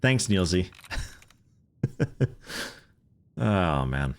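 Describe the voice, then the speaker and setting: Laid-back young male streamer, low voice with a bouncy melody, rambling and profane. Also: sing-song, drawn-out words. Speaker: streamer playing a video game. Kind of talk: casual let's play commentary.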